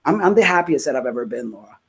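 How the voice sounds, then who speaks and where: A woman's voice: extremely low pitch, expressive, rapid-fire, gravelly, a bit bright, husky. A woman hosts a casual conversation about faith. She speaks with fervent emotion and fills her sentences with little fillers. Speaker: host.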